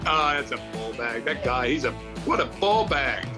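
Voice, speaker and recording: A man's voice: mid-range voice, lively intonation, moderate pace, music in the background, low-quality recording. A man, a former golf pro, co-hosting a casual chat and telling playful stories. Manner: storytelling, playful.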